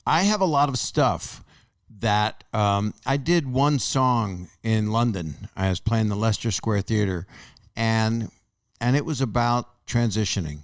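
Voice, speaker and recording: A man's voice: lowish voice, measured pace, no room sound, studio quality. An older man hosting a podcast in casual chat, rambling and restarting his sentences as he tells his own stories. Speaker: podcast host.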